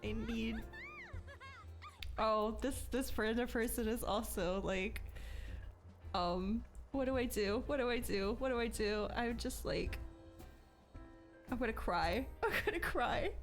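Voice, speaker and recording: A woman streamer chats casually with her viewers while playing, her voice a little high and emotional. She laughs often and sounds close to tears. Soft game music plays underneath. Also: a little slow. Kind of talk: casual live-stream chat.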